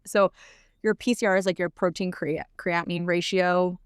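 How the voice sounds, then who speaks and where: Here a young podcast guest recounts events in a fast, lively, casual manner, peppering her speech with filler words. Her voice sits a touch low and is especially smooth and clean, recorded up close and dry.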